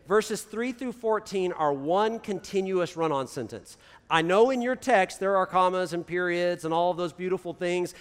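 A man preaching a casual sermon as pastor, talking very fast and tagging his points with "right?". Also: high voice. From United States. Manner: talks very fast, crams ideas together. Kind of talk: conversational sermon. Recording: long reverb of a large hall.

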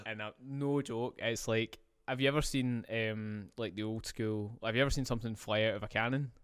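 A man's voice: lowish voice, steady tone, normal speed, a bit bright, clean tone, no echo. Man, 20s, casual storyteller, rambling podcast co-host, close dry mic. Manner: rambling, filler-heavy, laughs through a story.

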